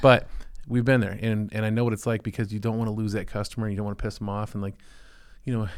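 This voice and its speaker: Fast-talking joking man with a smooth voice. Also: on the low side, no room sound. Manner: fast, joking, animated storyteller. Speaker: podcast co-host, lash business partner. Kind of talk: casual business chat.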